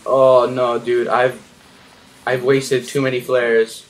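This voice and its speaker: A young man commentating a horror game as he plays, panicky and swearing, yelling at the enemies on screen. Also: medium pitch, level tone, slow pace. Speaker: gaming YouTuber.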